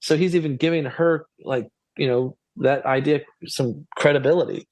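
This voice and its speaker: A man's voice: a little high, fairly even intonation, normal speed, darkish tone, no room sound. A man co-hosting a podcast, chatting casually and musing through a TV episode recap, rambling and asking questions. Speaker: podcast co-host.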